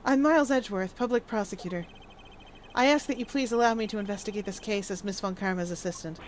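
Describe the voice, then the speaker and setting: A woman voicing a cool, formal male prosecutor in a low, calm voice for a video game reading. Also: fast talker, slight background noise, lightly acted.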